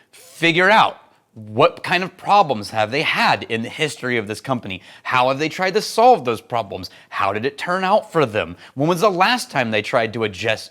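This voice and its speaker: A man hosting a casual whisky tasting vlog and giving advice. He is animated and opinionated, laughs often, and rushes through his asides. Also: medium pitch. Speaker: whisky reviewer and host.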